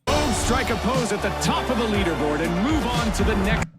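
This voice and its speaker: A voice announcing a competition game with dramatic, lively delivery. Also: medium pitch, brisk, close to an everyday voice. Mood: excited. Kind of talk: game show commentary. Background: loud music.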